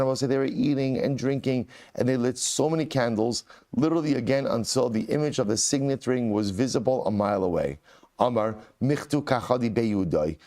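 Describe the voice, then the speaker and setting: A rabbi teaches a Talmud class in a mid-pitched man's voice. He reads passages aloud and then explains them in everyday English. He drives his points home by saying them twice. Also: a little mellow. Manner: chants Aramaic text, then explains in English; repeats key phrases for emphasis. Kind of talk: Talmud lesson, reading and translating.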